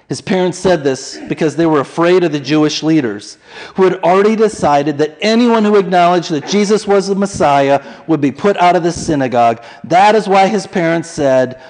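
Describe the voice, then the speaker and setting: A man preaching a conversational, animated sermon and acting out the quoted voices. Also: on the high side, moderate pace, poor audio. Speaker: pastor.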